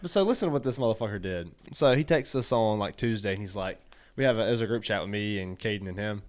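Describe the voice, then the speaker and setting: A man co-hosting a casual podcast, telling stories animatedly, swearing freely and acting out other people in loud bursts. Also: fairly low pitch, fast talker. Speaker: podcast co-host. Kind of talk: casual storytelling chat.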